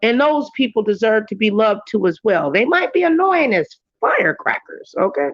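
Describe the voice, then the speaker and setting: A woman talks to her livestream viewers in loose, casual chat, with animated storytelling. The audio is a bit dull and lo-fi, and the room sounds dry and close. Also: moderate pace, no room sound. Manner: animated storytelling, jumps into high voices for quotes. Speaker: livestream host.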